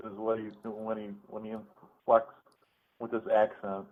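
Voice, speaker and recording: A man's voice: lowish voice, completely flat delivery, unhurried. A male guest in a casual chat, rambling as he shares trivia. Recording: tinny phone line.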